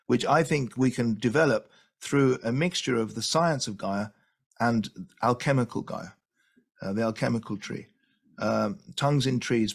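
A man gives an enthusiastic lecture, often doubling words as he presses a point. His voice has a gravelly, fried texture. It rests at an ordinary middle pitch. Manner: enthusiastic, repeats words for emphasis. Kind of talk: illustrated lecture.

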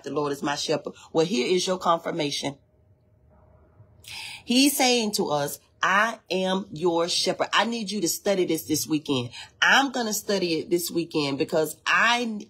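Her voice is fairly low, a bit bright and slightly rough as she hosts an informal devotional livestream indoors by a hallway. Between passages read from a text, she breaks into spontaneous exhortations, preaching with fervour, repeating phrases for emphasis and calling on listeners to echo her lines.

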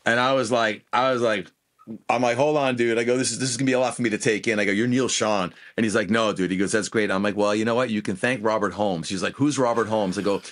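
A middle-aged man with a fairly low voice tells stories in a relaxed interview. He jumps into the voices of the people in his anecdotes and keeps the talk casual and animated. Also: fast. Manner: animated anecdotes, acts out quoted dialogue. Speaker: guest musician.

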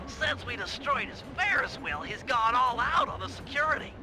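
An actor voicing a nerdy, fussy turtle strategist who lays out heist plans in an explanatory briefing tone. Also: male voice, very high voice, lively intonation, moderate pace, low-quality recording. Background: game music.

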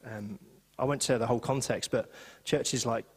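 A man preaching a sermon as pastor, chatty and animated, slipping into little voices for the people he quotes. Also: medium pitch, moderate pace, husky, in a large hall. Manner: animated, conversational, acts out quotes. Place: church hall.

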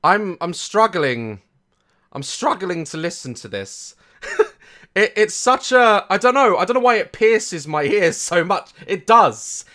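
A young man giving reaction commentary on a video, mocking it, swearing, laughing often and swinging between loud outbursts and muttered asides. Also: sits high, big pitch swings, unhurried. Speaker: YouTuber reacting to a music video.

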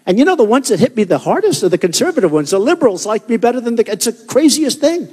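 A political candidate in his sixties gives a boastful, rambling campaign rally speech in a hot indoor hall full of people, talking fast in an extremely high, breathy, darkish voice with big pitch swings. The reverberant hall carries crowd noise.

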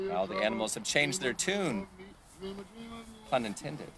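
A man leading an online music lesson for children outdoors, reading a storybook in a lively, encouraging sing-song voice and guiding a dance. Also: mid-range voice, unhurried, pauses often. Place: outdoors in a park. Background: music playing.

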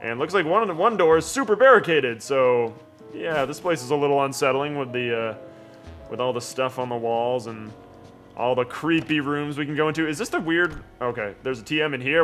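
A jokey let's play host rambling through casual gameplay commentary. His voice sits a bit higher than most men. Faint game music runs underneath. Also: fairly bright tone.

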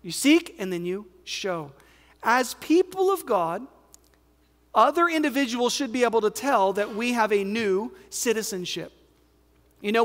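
A man's voice: extremely high pitch, a bit bright. A man with an American accent preaching a sermon as pastor, conversational and emphatic, asking the crowd questions. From United States. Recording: reverberant hall.

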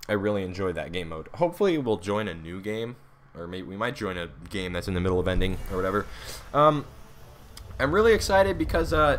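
Low-voiced man rambling over gameplay. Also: a little hiss or hum. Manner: rambling, excitable, talks to viewers. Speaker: gaming YouTuber. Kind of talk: live gameplay commentary. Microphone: USB desktop microphone.

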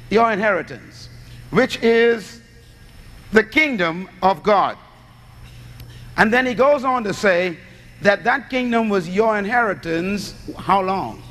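A man's voice: sits high, a bit bright. A man preaching a sermon, teaching by asking the congregation questions and supplying the answers. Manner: teaching with call-and-response questions. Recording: long hall reverb.

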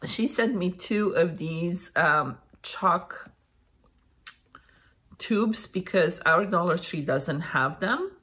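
Slow, gushing Canadian woman crafter. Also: on the low side, lively intonation, a bit bright. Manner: gushing, slow and chatty, frequent thank-yous. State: unwell, throat clearing. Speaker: crafting vlogger opening happy mail. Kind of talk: casual unboxing chat.

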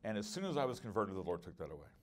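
A man's voice: lowish voice, big pitch swings, racing, slight background noise. A middle-aged man teaching at a conference workshop, earnest and conversational, with frequent restarts and personal stories. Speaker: preacher.

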